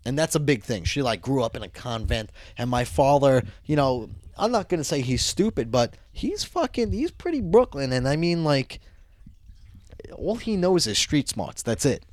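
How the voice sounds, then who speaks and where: A man with a New York accent co-hosting a podcast, telling animated, profane stories in casual chat. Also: medium pitch, normal speed, no room sound. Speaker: podcast co-host.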